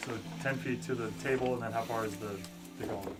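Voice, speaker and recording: A man's voice: mid-range voice, fairly even intonation, quick pace. A man at a tabletop game who asks careful questions about where things are. Music plays behind him. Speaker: player. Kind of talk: casual tabletop game chat.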